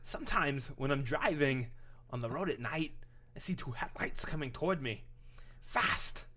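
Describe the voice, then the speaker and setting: A man putting on a Christopher Walken impression, delivering a slow, halting, whispered confession with odd pauses. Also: medium pitch, lively intonation, sharp tone. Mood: eerie confession.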